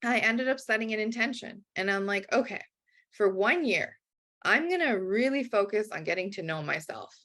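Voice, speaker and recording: Woman life coach telling her story, middle pitch, acts out the voices, lots of "like". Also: animated, moderate pace, fairly bright tone. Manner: acts out quoted voices, frequent "like". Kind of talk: animated personal storytelling.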